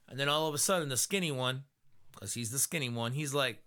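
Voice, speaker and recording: A man hosting a podcast, giving a profane, animated comedic episode recap and laughing often. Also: mid-range voice, fast talker. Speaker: podcast host.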